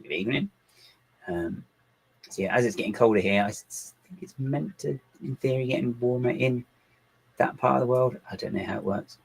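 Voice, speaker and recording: Building LEGO on a livestream, a man chats casually, reading viewers' comments aloud and muttering his thoughts to himself. His voice is fairly low with vocal fry, and the recording quality is poor.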